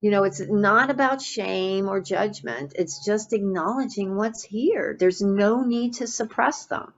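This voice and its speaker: Gravelly-voiced woman giving a dharma talk. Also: medium pitch, unhurried, dull audio, slight background noise. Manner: gentle, reflective, with frequent fillers and restarts. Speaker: meditation teacher.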